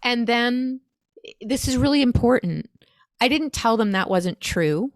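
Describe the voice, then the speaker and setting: An American woman, a storyteller, recounting a personal experience in an earnest, animated, emotional way. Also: fairly high pitch, a little slow, no room sound, studio quality. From United States. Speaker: storyteller guest. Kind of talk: conversational storytelling.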